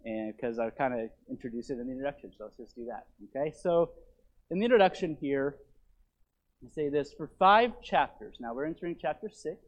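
A man preaching a sermon in a church, reading scripture with heavy emphasis and dropping to quick, quiet asides. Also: mid-range voice, animated, lo-fi sound. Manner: emphatic, slowing to stress scripture words. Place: church sanctuary.

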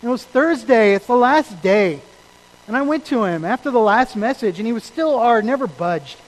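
A man preaching a sermon as a pastor, telling stories earnestly and moving between loud emphasis and quiet asides. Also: very high-pitched, expressive, moderate pace, rough recording.

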